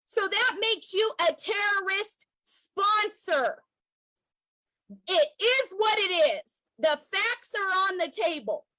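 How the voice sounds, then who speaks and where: A woman's voice: extremely high pitch, expressive, a little slow, bright, forceful tone, no echo, low-quality recording. An American woman giving an emotional, emphatic protest speech to camera, repeating her points and speaking straight to the government. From United States. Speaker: activist.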